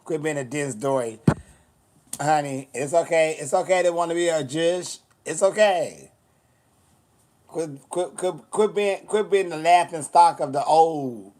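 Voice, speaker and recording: A man's voice: on the high side, unhurried, a little mellow. A man chatting casually on a livestream, sassy and blunt, swearing a lot as he answers comments.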